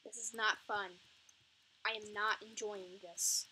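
A woman's voice: medium pitch, fairly even intonation, slow, bright, forceful tone, slight background noise. A young woman commenting on a zombie video game as she plays, taunting the enemies in a playful way. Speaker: gamer. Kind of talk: gameplay commentary.

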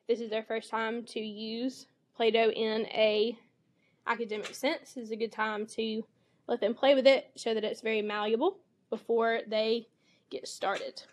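A woman's voice: a little high, level tone, normal speed. Woman teacher modeling a picture-book lesson. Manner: explanatory, reads animal sounds with bright expression.

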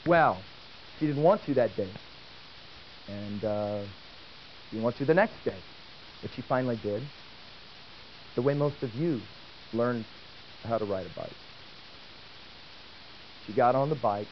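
A man giving a lecture and telling a story, talking in an animated way and asking the audience questions. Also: medium pitch, measured pace, long pauses. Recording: dull old tape with faint hiss.

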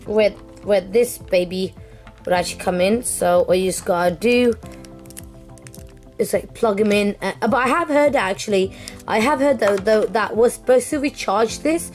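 A young woman streamer chatting casually through an unboxing, excitable and apologetic, with many fillers and restarts. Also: mid-range voice, normal speed, soft background music. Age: young adult. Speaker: gaming streamer.

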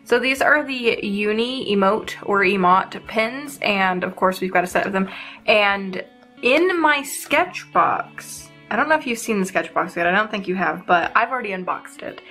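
A young woman hosting her art channel, chatting casually and excitedly as she unboxes art supplies. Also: mid-range voice, normal speed, faint music behind. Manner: bubbly, excitable, giggly.

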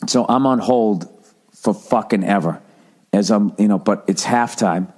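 A man's voice: lowish voice, unhurried. A man in his forties from the United States, telling a comic story as a podcast host in a profane, exasperated rant. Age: 40s. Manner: profane, exasperated, mimics voices loudly.

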